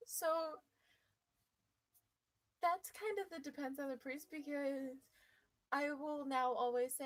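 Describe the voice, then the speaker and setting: A woman telling a personal story to her viewers in a lively, playful, mischievous way. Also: high-pitched, takes it slowly, long pauses, low-quality recording. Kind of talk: casual storytelling.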